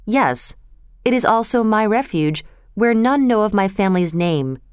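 A woman voicing an earnest, troubled young nobleman in a storybook reading, with a smooth, clear voice. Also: mid-range voice, expressive, unhurried, no echo, clean studio sound, close to an everyday voice. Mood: resolute. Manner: earnest, pleading.

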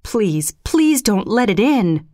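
A woman's voice: sits high, sing-song, slow, fairly bright tone, dry recording, studio quality, voice pushed up, full character voice. Frightened old man with a shaking voice, read by a woman narrator; audiobook story. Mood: fearful. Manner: shaking, fearful pleading.

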